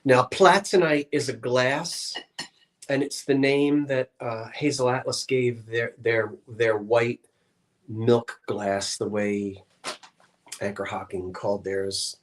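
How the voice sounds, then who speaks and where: A man's voice: medium pitch, steady tone, slow. Chatty man explaining vintage glass. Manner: chatty, explains collectibles in detail. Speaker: co-host of an antiques show. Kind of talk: casual chat about vintage glassware.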